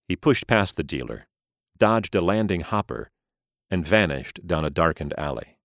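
A man reading a story aloud as narrator, in a slow, expressive style. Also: extremely low pitch, no echo, studio quality.

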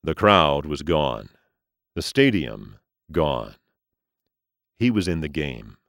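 A man reading a story aloud as narrator, in a slow, expressive style. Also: extremely low pitch, creaky, dry recording, clean studio sound.

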